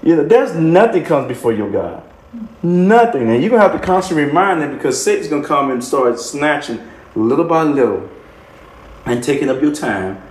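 A man's voice: on the high side, very animated, moderate pace, darkish tone. Emphatic preaching man, echoey room. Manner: emphatic preaching, repeating key phrases; chuckles between points. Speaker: minister. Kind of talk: sermon.

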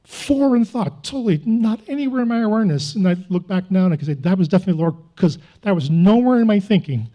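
A high, mellow male voice carries this pastor's earnest, confessional testimony, with the occasional self-mocking chuckle. The sermon recording itself sounds dull and lo-fi. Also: lively intonation, quick pace, few pauses.

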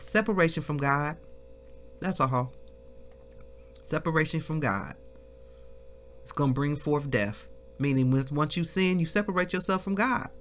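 A woman leading a devotional Bible lesson, reading scripture slowly and breaking into shouts of praise. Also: lowish voice. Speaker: minister.

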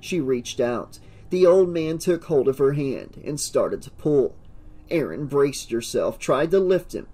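A man narrating an audiobook in a steady, measured reading. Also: on the high side.

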